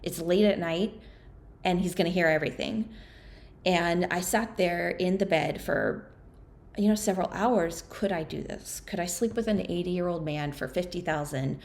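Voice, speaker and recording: A woman guest on a podcast interview giving a personal account in a halting, soft-spoken way, with frequent restarts and a slower pace at the hardest moments. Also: fairly low pitch, gravelly.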